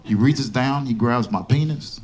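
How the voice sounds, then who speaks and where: A man doing a stand-up comedy set on a club stage, telling a story with animated, exasperated outbursts. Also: mid-range voice, measured pace, heavy background noise. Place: comedy club stage before a live audience. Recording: live club audience laughing loudly.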